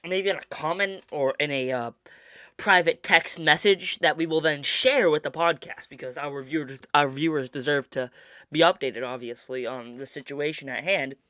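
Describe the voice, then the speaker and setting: A man's voice: fairly high pitch, moderate pace, sharp tone, dry recording. Male co-host, casual chat, frequent restarts, dry studio sound. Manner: stammering restarts, mock-serious indignation. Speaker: podcast co-host.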